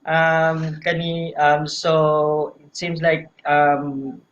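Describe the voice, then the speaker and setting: A man hosting a casual live video call, mixing English and Tagalog with many fillers and pauses. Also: a little high, little pitch movement, fairly bright tone, lo-fi sound. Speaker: host. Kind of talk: casual live-stream chat.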